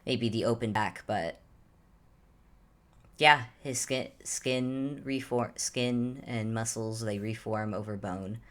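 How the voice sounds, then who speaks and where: Slow, searching tabletop game narrator. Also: medium pitch. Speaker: player.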